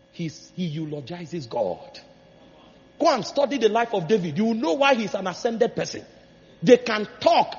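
An impassioned male preacher whose voice sits high and swings widely, climbing into shouted, sing-song peaks. The sound is dull and muffled, with a long reverb trailing through a large hall. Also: gravelly. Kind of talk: sermon.

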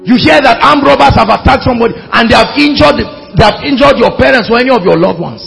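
A man preaching a sermon, swinging between hushed words and shouting. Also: very high-pitched, fast, vocal fry. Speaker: pastor. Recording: hall reverb with faint music.

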